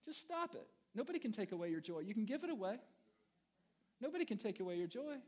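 High-voiced animated male preacher. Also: fast talker. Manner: animated preaching, swinging from loud bursts to quiet asides; humorous, folksy. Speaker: pastor. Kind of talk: sermon.

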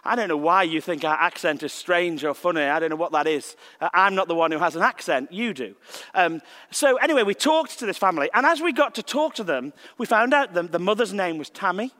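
A man, preaching as a visiting minister and telling a personal story in a gentle, reflective way with slow pauses. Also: high voice, lively intonation, long reverb tail. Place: church sanctuary.

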